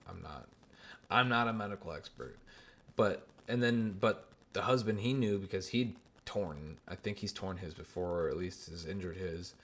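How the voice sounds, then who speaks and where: Give me a young man with a low voice telling a profane, animated story on his podcast. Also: normal speed. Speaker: podcast host. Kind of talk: casual solo podcast chat.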